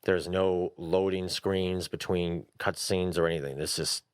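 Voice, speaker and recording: A man's voice: deep voice, steady tone, measured pace, smooth, no echo, studio quality. A man co-hosting a casual podcast, swearing freely and rambling with laughs as he talks about games. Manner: profane, rambling, laughs often. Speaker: podcast co-host.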